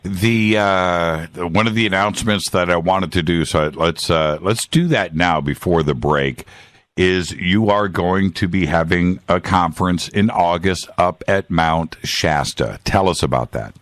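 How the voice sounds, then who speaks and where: A man's voice: deep voice, unhurried, a bit bright, dry recording, studio quality. A man hosting a talk show interview, speaking emphatically and often checking in with his listener. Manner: emphatic, keeps checking in with "right?".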